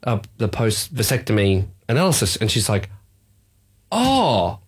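A man's voice: fairly low pitch, a little fast, breathy edge. A man in his thirties with an Australian accent, co-hosting a podcast and telling an embarrassing story in casual chat, acting out the dialogue. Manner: animated, acts out dialogue, laughs at himself. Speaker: podcast co-host.

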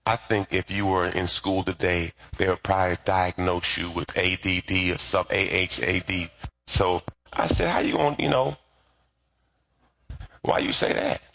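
A middle-aged man preaching a sermon, animated and calling on the congregation to repeat after him. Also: on the low side. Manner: lively, animated preaching with call-and-response. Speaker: pastor.

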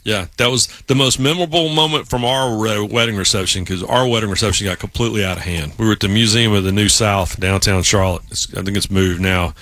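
A man's voice: fairly low pitch, fast talker, hardly any pauses, pushed and bright, dry recording. A man co-hosting a podcast, chatting casually and acting out the voices in his stories. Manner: storytelling, acts out quoted voices. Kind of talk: casual chat.

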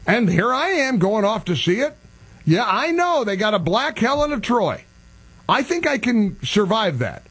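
A male talk show host with a husky voice rants in an exasperated, self-mocking way. His voice sits high and swings widely in pitch. A faint mains hum lies under the recording. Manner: exasperated, ranting, self-deprecating. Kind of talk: casual opinionated radio monologue.

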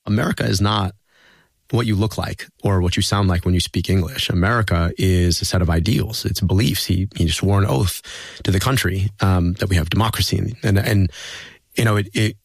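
A political guest in an interview tells personal stories conversationally, earnest and reflective. His deep, gravelly voice is brisk, and there is no echo.

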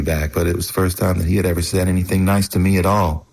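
A man's voice: deep voice, steady tone, fast, creaky, few pauses, poor audio. A man from North Carolina, telling his story as rhythmic, declaiming spoken word.

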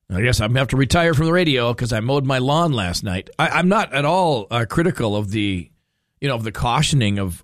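A man's voice: medium pitch, dry recording, studio quality. A man hosting talk radio, rambling and incredulous as he thinks aloud. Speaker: radio host.

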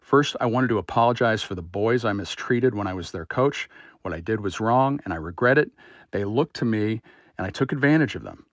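Field: news. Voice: low-voiced political editor, dry. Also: male voice, lively intonation, no echo. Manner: measured, slightly halting reporter. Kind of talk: radio interview answers.

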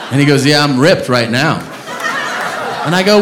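A man's voice: a little high, normal speed, long pauses. A man doing a stand-up set in a club, telling a story with lots of swearing. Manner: profane, animated storytelling. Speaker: stand-up comedian. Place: comedy club stage. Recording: echoey room with crowd noise. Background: audience laughter.

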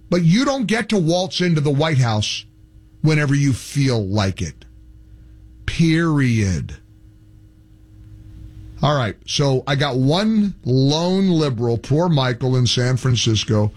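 A man's voice: on the high side, sing-song, slow, slightly rough. A man hosting a call-in radio talk show, arguing with a caller in a sarcastic, mocking and heated way.

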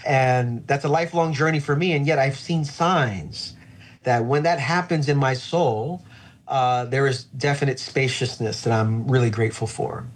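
A man who is a pastor, speaking earnestly and reflectively in an interview about faith, slowing down to stress key phrases. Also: mid-range voice, a little hiss or hum.

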